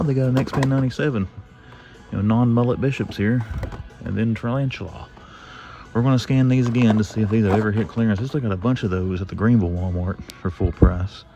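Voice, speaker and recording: A man's voice: lowish voice, vocal fry, dark tone, muffled recording. A man casually chatting as he browses the shelves in a store, listing the toys he finds as he goes. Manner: chatty, rambling, lists finds aloud as he browses. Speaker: toy collector vlogger. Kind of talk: casual toy-hunting commentary. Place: inside a retail store.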